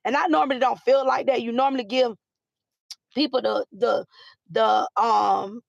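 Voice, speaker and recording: Woman live-stream host, animated, full of fillers, gravelly, dry sound. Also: a little high, normal speed, no echo, dull audio. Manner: animated, repeats herself, many fillers. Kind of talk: casual live chat with viewers.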